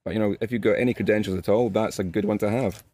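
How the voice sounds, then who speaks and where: Scottish man with a Glasgow accent, lowish voice, friendly and easygoing guest, chuckles a lot. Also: steady tone, fast talker, dark tone, no echo. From Scotland. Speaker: guest, guitar maker. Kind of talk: casual interview chat. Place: busy gear show floor.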